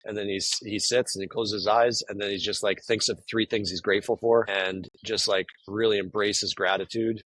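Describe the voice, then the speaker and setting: Husky-voiced man, rambling and casual. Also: on the low side, level tone, normal speed, few pauses, a bit bright, poor audio. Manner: rambling, many fillers and restarts. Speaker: guest, professional poker player. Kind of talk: casual conversation.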